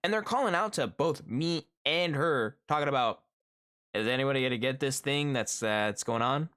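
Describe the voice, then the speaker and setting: A middle-aged man streaming live, telling a story about his workday to his chat in a lively, animated way and acting out the people in it. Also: mid-range voice, moderate pace, smooth. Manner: animated storytelling, acts out quoted coworkers. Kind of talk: casual chat with viewers.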